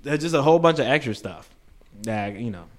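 Lively laughing man with a New York accent. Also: mid-range voice, brisk. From Brooklyn, New York. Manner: animated storyteller, laughs often. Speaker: guest. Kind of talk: casual podcast chat.

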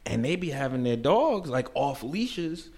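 A man's voice: mid-range voice, very animated, measured pace, darkish tone. A man from Brooklyn with a New York accent, chatting animatedly as a podcast guest and laughing often. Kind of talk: casual podcast chat.

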